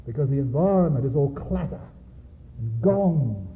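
A man's voice: mid-range voice, lively intonation, moderate pace. A man preaching a sermon, emphatic and repetitive, often turning to address the congregation directly. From Australia. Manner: emphatic, repeats points and keeps addressing the congregation. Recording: tinny lo-fi recording with long hall reverb.

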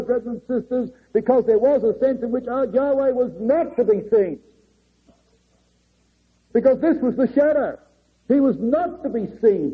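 A man preaching a sermon earnestly, swinging between raised and hushed delivery. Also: sits high, slightly rough. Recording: muffled lo-fi recording.

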